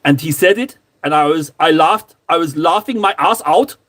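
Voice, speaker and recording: An earnest, literal-minded German car enthusiast, as an Englishman fakes him with a clumsy put-on German accent. The voice sits a touch high, and the delivery is plain and matter-of-fact. It sounds close and dry, with no room around it. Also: a bit bright, no echo, lightly acted. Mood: amused retelling. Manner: deliberately clumsy imitation.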